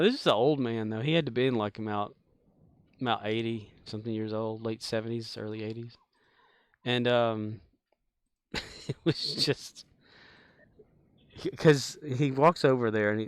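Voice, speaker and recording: Man, game streamer, casual rambling storytelling, mid-pitched voice, dry close sound. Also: steady tone, measured pace, long pauses, clean tone, no echo. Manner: rambling, chuckling, many fillers. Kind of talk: casual storytelling while gaming.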